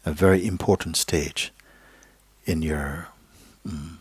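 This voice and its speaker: A man giving a live spiritual teaching to an audience, speaking slowly and gently, sometimes dropping to a soft whisper and checking in with "okay?" and "you see?". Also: a bass voice, steady tone, husky. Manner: slow, gentle, drifting into a soft whisper at times. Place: live gathering hall.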